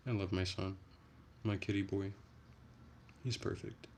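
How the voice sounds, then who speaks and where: A young man on a casual late-night livestream, reading chat and rambling in a relaxed, soft-spoken way. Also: sits low, unhurried, slight background noise.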